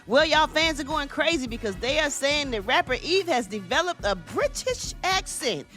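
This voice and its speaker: A woman's voice: high voice, animated, fairly quick, sharp tone. Woman, radio host, sassy, chatty, middle-aged, faint music behind. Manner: chatty, sassy, addresses listeners as y'all and honey. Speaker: radio entertainment news host. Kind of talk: casual radio chat.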